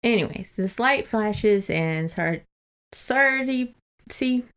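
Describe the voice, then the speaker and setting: A young adult woman co-hosting a podcast chats casually in a book-club style, summing up a book's plot with loose quoted asides. Her mid-range voice is smooth, fairly bright and animated, and she takes it slowly.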